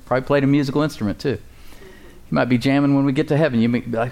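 A man's voice: medium pitch, a little fast, gravelly, darkish tone. A man preaching a sermon as pastor, conversational and joking, building up emphasis in places.

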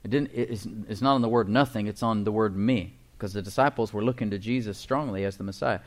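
A middle-aged pastor preaching a sermon, leading his congregation in call-and-response and reading scripture slowly with emphasis, chuckling between points. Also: on the low side.

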